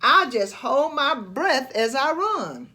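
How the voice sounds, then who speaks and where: Storybook: woman doing a clumsy cartoon dog, loud, excited, high and bouncy. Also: takes it slowly, heavily acted. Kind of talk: storybook read-aloud.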